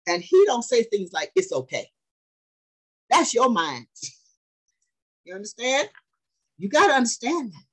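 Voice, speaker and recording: A woman's voice: on the high side, big pitch swings, normal speed, pauses often, fairly bright tone, breathy edge, rough recording. Fields: Sex: woman. Role: preacher. Style: sermon. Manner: emphatic, questioning. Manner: emphatic, repeats phrases, asks the congregation questions.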